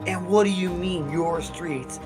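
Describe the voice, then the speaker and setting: A man's voice: high voice, measured pace, music in the background, pitched above the performer's own voice. A man voicing an angry male pimp who protects his street, swearing and indignant.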